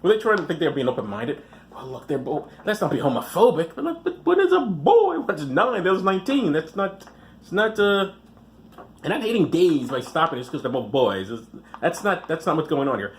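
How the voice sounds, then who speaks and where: Sarcastic man with a lively, animated voice. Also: a little high, a little fast, slight background noise. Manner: sarcastic, profane asides between read-out articles. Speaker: podcast host. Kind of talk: casual commentary reading news.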